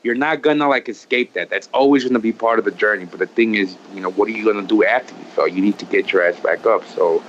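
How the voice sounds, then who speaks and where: Midwest guy, kinda low voice, earnest and rambly, dull lo-fi sound with a little hiss. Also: quick pace, few pauses, fairly bright tone. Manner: earnest, heartfelt, many "like" fillers and restarts. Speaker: podcast guest. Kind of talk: candid conversational storytelling. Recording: dull lo-fi with faint noise.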